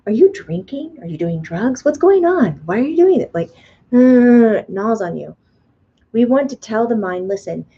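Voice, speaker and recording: Woman host, live web class, chatty and animated, mellow tone, dull lo-fi sound. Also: medium pitch. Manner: animated, chatty, playfully acts out the mind's voice. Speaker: spiritual teacher and medium. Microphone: webcam or computer mic on a video stream.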